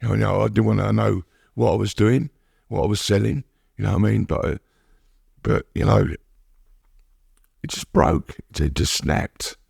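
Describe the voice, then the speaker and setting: Gravelly low-voiced man. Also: steady tone, a little mellow, no room sound, studio quality. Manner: halting, repeats words, many "you know what I mean". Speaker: podcast guest. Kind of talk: candid recovery interview.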